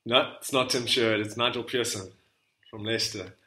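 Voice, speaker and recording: A man's voice: mid-range voice, steady tone, normal speed, pushed and bright, roomy sound. A man co-hosting a football podcast, guessing quotes in a bantering, laughing quiz chat. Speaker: podcast co-host.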